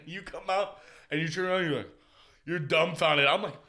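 A young man in casual chat, excitable and profane, often laughing. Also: high voice, brisk. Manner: excitable, swearing, laughing a lot.

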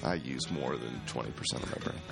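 A man co-hosting a casual podcast chat and telling dry, deadpan jokes. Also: extremely low pitch, quick pace, gravelly, over music. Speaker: podcast co-host. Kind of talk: casual banter.

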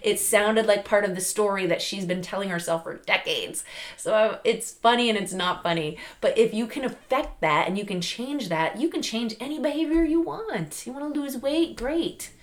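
A middle-aged woman hosting a podcast, giving an animated, chatty motivational talk with lots of fillers and laughs. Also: mid-range voice, normal speed. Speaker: podcast host. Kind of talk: casual motivational monologue.

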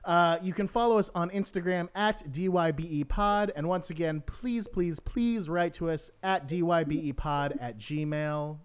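A man's voice: a little high, unhurried, few pauses, smooth. A man hosting a podcast in casual chat, joking and restarting his words. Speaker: podcast host.

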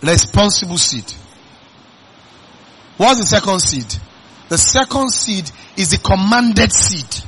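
A male pastor with a Nigerian accent preaching a sermon. He keeps asking the congregation questions and swings between loud emphatic bursts and quiet, low asides. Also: animated, takes it slowly, pauses often, slightly rough. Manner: call-and-response questions to the congregation.

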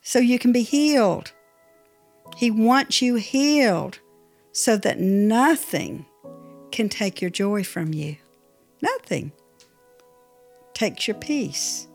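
A woman's voice: a little high, lively intonation, slow, pauses often, a little mellow, soft background music. A woman hosting a faith-based teaching podcast, speaking emphatically and repeating her key phrases. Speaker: podcast host and Christian speaker.

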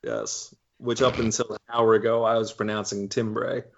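A man's voice: fairly low pitch, little pitch movement, moderate pace, vocal fry, lo-fi sound, a little hiss or hum. A man joking around in casual podcast chat, with wry asides and the odd swear. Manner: jokey, wry asides, profanity.

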